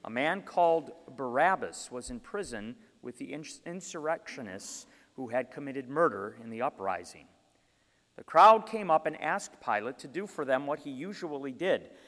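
A man's voice: mid-range voice, lively intonation, normal speed, a bit bright. Man reading scripture in a reverberant hall. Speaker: scripture reader. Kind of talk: Bible reading.

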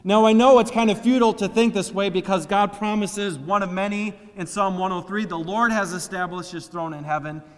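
A man preaching a sermon, reading scripture and swinging between loud, emphatic lines and hushed, drawn-out ones. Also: sits high, fairly even intonation. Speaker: pastor. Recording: long hall reverb.

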